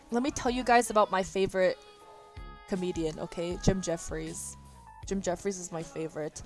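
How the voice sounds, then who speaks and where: A young woman livestreamer chatting casually, telling stories with frequent laughter, fillers, and restarts. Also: mid-range voice. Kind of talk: casual chat storytelling.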